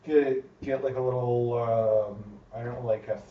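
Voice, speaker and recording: A man's voice: mid-range voice, fairly even intonation, moderate pace. Man co-host, profane and joking; distant, dull, faintly noisy room sound. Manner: joking, profane, plugs the patrons. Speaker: co-host on the stream. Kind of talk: casual livestream banter. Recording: echoey room, distant muffled mic, faint noise.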